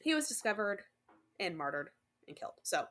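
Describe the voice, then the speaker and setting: A woman co-hosts a relaxed podcast, half chatting and half reading from a summary. She stops often to say um and uh, and her throat sounds a little dry. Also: mid-range voice, fairly quick. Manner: chatty, reads notes with many ums. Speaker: podcast co-host. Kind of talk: casual chat.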